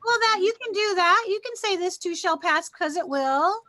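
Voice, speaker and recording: Emphatic high-voiced middle-aged woman. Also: animated, moderate pace, bright, forceful tone, no room sound. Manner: emphatic, blunt, repeating short questions. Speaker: co-host. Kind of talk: casual discussion and personal story.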